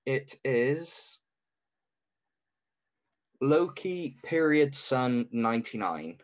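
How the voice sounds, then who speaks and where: A man's voice: medium pitch, big pitch swings, drawn-out words. A British man in his twenties, a podcast guest in casual chat, talking in a hesitant, reflective way with many "um"s. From Britain. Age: 20s. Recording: muffled lo-fi audio.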